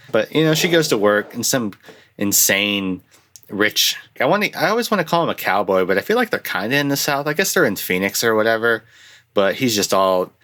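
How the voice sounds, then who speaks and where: A young man hosting a casual film review, rambling and restarting often, with lively jumps into quoted lines. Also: lowish voice. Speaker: podcast host reviewing films. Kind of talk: casual chat.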